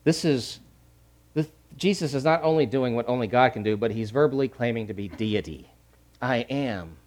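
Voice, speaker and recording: A middle-aged male pastor preaching a sermon, repeating key phrases and swinging from hushed to loud. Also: medium pitch, a little fast.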